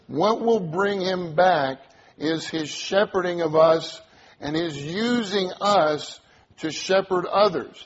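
Preacher guy, kinda high voice, repeats himself a lot, dull lo-fi recording. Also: husky. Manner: earnest, repeats key phrases, call and response with congregation. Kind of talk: sermon.

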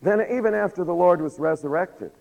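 A man's voice: high-pitched, a little fast, gravelly, a little mellow. A man preaching a sermon, telling a story animatedly, acting out the quotes and asking the congregation questions, while losing his voice. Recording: long hall reverb.

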